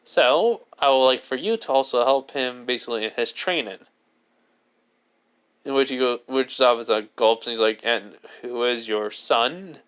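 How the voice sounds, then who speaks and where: A man's voice: mid-range voice, moderate pace, a bit bright, clear, resonant tone. Rambling man telling a fan story. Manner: rambling, leans heavily on "basically" and restarts. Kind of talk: improvised fan fiction narration.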